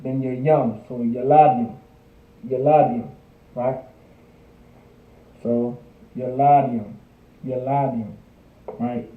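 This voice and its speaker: A man leads a livestreamed language lesson, drilling the same word again and again between relaxed asides. His voice sits in a middle range. It comes through thin and phone-like, with a roomy echo around it. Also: mid-range voice, takes it slowly, long pauses. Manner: repetitive drilling, casual conversational asides. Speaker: language class teacher. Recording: tinny phone-like audio in an echoey room.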